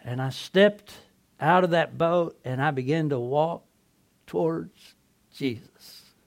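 A man playing the apostle Peter, an impulsive fisherman, telling his story in an earnest, excitable first-person dramatic monologue. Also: on the high side, slow pace, vocal fry. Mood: earnest storytelling.

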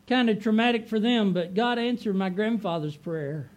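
A middle-aged man preaching a sermon as pastor, emphatic and repetitive, slowing down to stress his words. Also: high-pitched. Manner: emphatic repetitive preaching, swelling on key phrases.

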